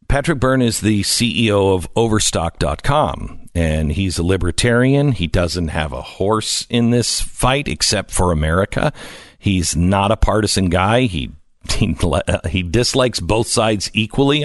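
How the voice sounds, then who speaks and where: A man hosting a talk radio show, speaking in a conversational monologue with frequent "uh" pauses. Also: fairly low pitch, lively intonation, dry recording, studio quality.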